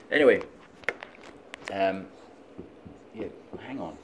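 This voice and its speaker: A man's voice: low voice, fairly quick, pauses often, a little hiss or hum. A middle-aged man with a Scottish accent, vlogging in a rambling, digressive monologue, chatty and laughing often. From Scotland.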